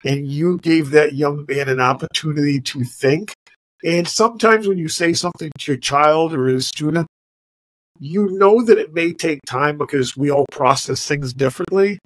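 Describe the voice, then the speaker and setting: An earnest podcast co-host, a man with a slightly higher-than-usual voice, muses on what he has just heard before asking the guest more. The recording is dry and close, with no room echo. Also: normal speed. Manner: earnest and reflective, asks follow-up questions. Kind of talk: interview questions and reflection.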